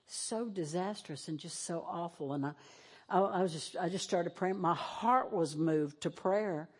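A woman's voice: fairly low pitch, unhurried, slightly rough. A woman preaching a sermon in a church, moving between fervent exhortation and tearful emotion. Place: church sanctuary, televised.

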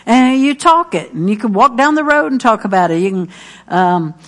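A woman's voice: a little high, expressive, moderate pace. A middle-aged woman preaching a sermon, earnest and emphatic, repeating her key phrases.

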